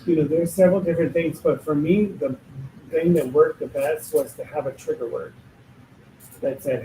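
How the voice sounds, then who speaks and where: A man's voice: fairly high pitch, steady tone, moderate pace, dark tone. A man working as a spiritual medium, talking casually in an emphatic, blunt and joking way. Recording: echoey room, distant mic, faint noise.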